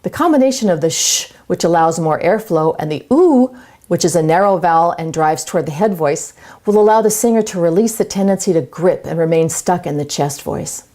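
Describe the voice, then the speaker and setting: A woman vocal coach explaining voice breaks in a clear, measured way and demonstrating singing exercises. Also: fairly low pitch, animated, warm tone. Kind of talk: instructional voice lesson.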